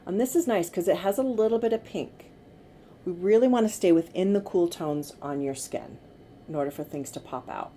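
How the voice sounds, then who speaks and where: Gentle, low-voiced makeup artist woman. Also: normal speed. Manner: gentle, coaxing instructions to a client. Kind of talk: makeup tutorial instruction. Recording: faint background noise.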